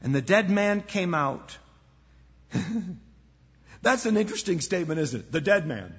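A man preaching a sermon as pastor, earnest, sometimes dropping to a hush for emphasis. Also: high voice, very animated, unhurried, breathy edge. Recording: echoey hall, dull lo-fi sound.

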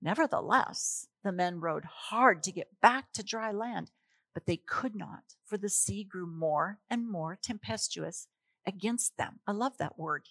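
Brief: lively woman preacher walking through scripture, mid-range voice, dry close sound. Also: mid-range voice, a little slow, no echo. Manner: animated, emphatic, chuckles at her own points. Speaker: Bible teacher. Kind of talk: expository sermon.

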